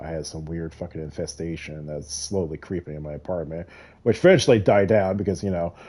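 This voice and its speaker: A middle-aged man rants casually while he plays a game, swearing constantly and laughing as he goes. His voice is mellow and dark, but his pitch swoops up and down as he gets worked up. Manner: profane, heated storytelling with frequent laughs. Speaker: gamer. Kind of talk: casual rant while gaming.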